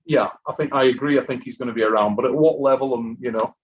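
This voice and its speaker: An armwrestling live-stream host, chatty and worn out from lack of sleep, reads out viewers' super chats. He talks fast in a steady, medium-pitched voice, and the muffled lo-fi stream audio has a little hiss or hum.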